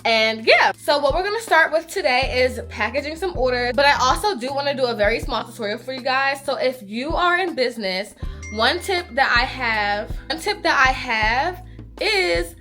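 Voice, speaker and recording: A woman's voice: high-pitched, animated, moderate pace, sharp tone, soft background music. A woman, talking casually and candidly to camera in a warehouse, a bit out of breath. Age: 20s. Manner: chatty, candid and swearing. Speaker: small business owner and vlogger. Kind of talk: casual vlog talk to camera. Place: warehouse space, indoors. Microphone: handheld phone camera.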